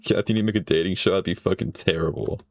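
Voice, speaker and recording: Low-voiced man streaming reactions. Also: steady tone, rapid-fire, no echo. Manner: laughing, swearing, offhand. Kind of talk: casual reaction commentary.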